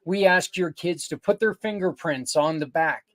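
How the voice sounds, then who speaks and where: Earnest rambling older man, higher voice. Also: moderate pace. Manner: earnest, rambling, with self-corrections. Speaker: podcast host. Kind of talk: casual promotional talk.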